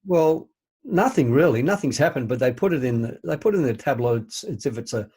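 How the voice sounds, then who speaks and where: A man's voice: medium pitch, animated, fairly quick, darkish tone, husky. Older man, rambling podcast chat. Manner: rambling, hesitant, laughing easily. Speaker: podcast co-host. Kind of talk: casual chat.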